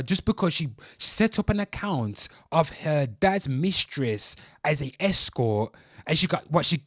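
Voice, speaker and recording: A man's voice: on the high side, dry recording, studio quality. A man hosting a livestream, ranting angrily about news stories, swearing heavily and calling out to his viewers. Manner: profane, heated, keeps addressing viewers. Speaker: livestream host. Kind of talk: angry news rant.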